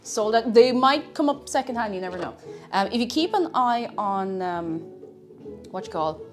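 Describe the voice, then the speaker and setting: A woman's voice: fairly high pitch, animated, normal speed. A young woman, chatting casually on a live stream and gushing over a cute figurine. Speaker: livestreamer. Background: faint game music.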